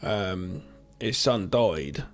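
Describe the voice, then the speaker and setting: A man's voice: low voice, expressive, extremely slow. A man co-hosting a podcast, talking casually about a film's acting with some hesitant restarts. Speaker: podcast co-host. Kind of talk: casual film discussion.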